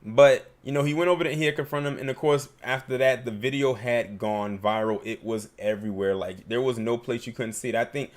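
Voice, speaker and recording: A man's voice: medium pitch, fairly even intonation, brisk, few pauses. A man hosting a livestream, giving emphatic, opinionated commentary and reading super chats.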